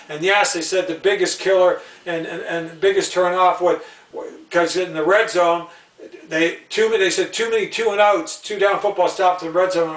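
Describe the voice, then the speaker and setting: Guy ranting into his camera, fairly high voice, keeps repeating himself, roomy sound from a ways off the mic. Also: far from the mic. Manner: rambling and indignant, repeats himself, stumbles over words. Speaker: channel host. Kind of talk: rambling opinion vlog.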